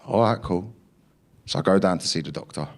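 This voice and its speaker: A man's voice: low voice, a little fast. A young man performing a stand-up comedy set, telling a story in a punchy way, acting out quotes and swearing as he goes. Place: comedy club stage.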